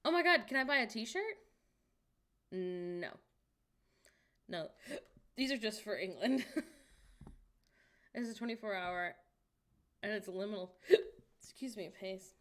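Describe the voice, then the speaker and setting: A woman streaming, chatting casually and reacting wryly out loud to what she finds while browsing online. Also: medium pitch, animated, takes it slowly, pauses often.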